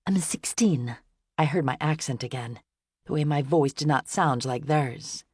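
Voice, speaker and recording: A woman reading a novel aloud as an audiobook narrator, in gentle, even first-person storytelling. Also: deep voice, moderate pace, slightly rough, no room sound, studio quality.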